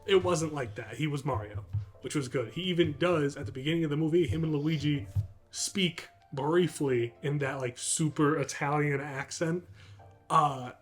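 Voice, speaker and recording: A man's voice: on the high side, normal speed, soft background music. A man co-hosting a casual podcast, talking in a rambling, enthusiastic way with lots of fillers. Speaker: podcast co-host. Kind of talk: casual chat.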